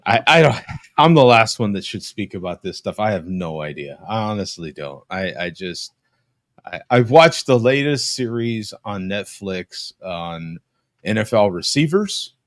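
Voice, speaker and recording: Rambling, lively-voiced man on a call. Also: on the low side, no room sound, clean studio sound. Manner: rambling, halting, with many restarts and fillers. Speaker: podcast host. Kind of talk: casual chat on a live stream. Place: home room. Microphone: video call.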